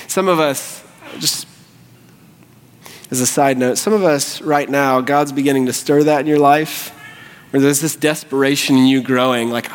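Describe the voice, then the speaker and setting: A man's voice: a little high, normal speed. A male pastor preaching a sermon, impassioned and rising to fervent pleading. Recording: long hall reverb.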